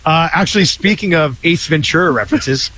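A man's voice: fairly high pitch, fairly quick, sharp tone, slight background noise, poor audio. A man hosting a casual sports radio show, joking, laughing often and reading out ads and listener texts.

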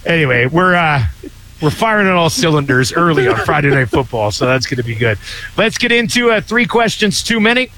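Jokey sports radio host. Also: male voice, on the high side, very animated, fairly quick, sharp tone, rough recording. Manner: jokey, laughs often, reads ads and texts. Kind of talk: casual sports radio chat.

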